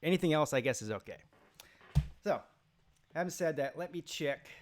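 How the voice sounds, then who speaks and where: A man's voice: on the high side, lively intonation, normal speed. A tired man hosting a live call-in sports show, talking casually and rambling as he reads out chat names. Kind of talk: casual live-stream talk.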